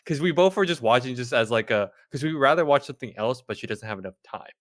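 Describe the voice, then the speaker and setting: A man's voice: mid-range voice, expressive, fast, fairly bright tone. Rambling young man on a podcast. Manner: rambling, filler-heavy storytelling. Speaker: podcast co-host. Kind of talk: casual chat.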